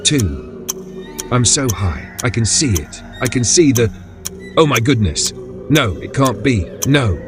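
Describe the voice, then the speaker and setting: A man's voice: medium pitch, very animated, slow pace. A man voicing a terrified young man trapped in a box, pleading and sobbing, in a horror story reading. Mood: panicked. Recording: background music under voice.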